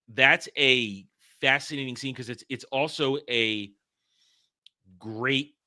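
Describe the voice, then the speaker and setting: Casual podcast co-host, male, bright tense tone, stumbly and animated. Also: fairly low pitch. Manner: excitable, stumbles over words, acts out movie lines. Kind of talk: casual film discussion.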